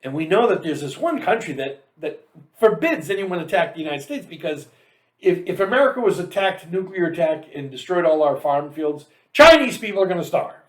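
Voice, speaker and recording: A male show host delivers a political commentary monologue in a high voice that swings widely in pitch. He reads facts aloud in a mocking, sarcastic tone. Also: animated, fairly quick.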